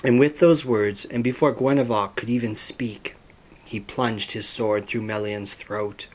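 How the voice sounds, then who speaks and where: A man narrating a storybook in a steady, measured reading voice. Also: on the low side.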